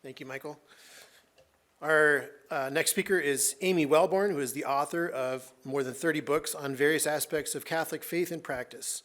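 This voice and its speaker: A man moderating a conference panel reads the next speaker's credentials aloud. His voice sits a bit high for a man. The delivery is formal but loose, with an occasional "uh.". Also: moderate pace, a bit bright. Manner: reading a bio with small fillers. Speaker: session moderator.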